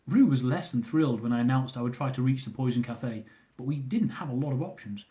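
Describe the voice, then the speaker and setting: Young guy reading his own travel book, dry jokey delivery, warm mellow voice. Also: mid-range voice, fairly quick. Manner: dry, self-mocking humour. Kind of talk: reading aloud from a travel memoir.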